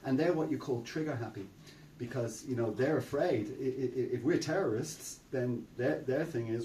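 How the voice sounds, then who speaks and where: A man's voice: mid-range voice, a little fast, few pauses, dark tone, slight background noise. An older Irish man giving a chatty storytelling talk at a temple, full of fillers and repeats. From Ireland. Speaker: preacher. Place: temple hall. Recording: roomy sound from a distant mic.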